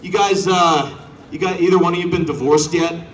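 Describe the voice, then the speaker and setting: A man's voice: a little high, fairly even intonation, normal speed, a bit bright, reverberant, recorded from a distance, slight background noise. A man doing a stand-up set outdoors, teasing the crowd and acting out characters. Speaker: stand-up comedian. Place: outdoor show on a front lawn. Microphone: corded handheld mic.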